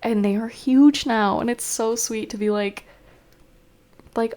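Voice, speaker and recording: A woman's voice: a little high, steady tone, unhurried, pauses often, darkish tone. A young woman rambling casually to camera in a vlog, chatty and full of fillers. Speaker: vlogger. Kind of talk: casual chat.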